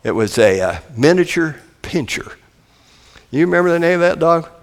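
An older man preaching a folksy sermon, telling stories and swinging between booming and hushed delivery. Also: very animated, moderate pace, in a large hall.

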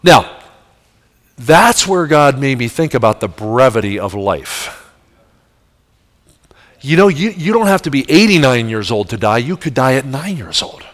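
An adult man preaches in a mid-range, fairly bright voice with big pitch swings, talking a little slowly and leaving long pauses. He tells his sermon's story vividly, acting out the quoted voices and asking the audience questions directly.

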